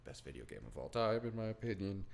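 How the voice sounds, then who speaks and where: Brief: young male podcast host, low and very lively voice, rambly and full of fillers. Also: fast, vocal fry. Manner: rambling, many likes, laughs often. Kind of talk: casual podcast chat.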